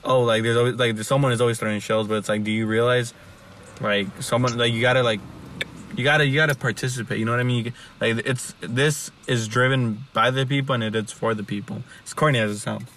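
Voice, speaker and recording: A man's voice: medium pitch, fairly even intonation, fast, a bit bright, recorded from a distance, a little hiss or hum. A young man hosting a casual chat, rambling with lots of fillers, restarts and swearing.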